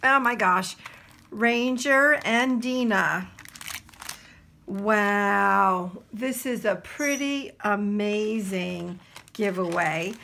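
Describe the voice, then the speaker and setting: A woman from New Jersey chatting casually to her camera as she unboxes craft supplies, gushing and excited, with lots of fillers. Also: mid-range voice, drawn-out words, gravelly, a little hiss or hum. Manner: gushing and excitable, full of exclamations. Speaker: craft vlogger.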